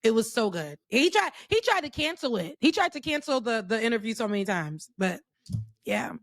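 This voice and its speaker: A woman co-hosting a podcast, telling stories excitedly and with emphasis. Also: fairly high pitch, normal speed, no echo, studio quality. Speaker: podcast co-host. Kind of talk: casual chat.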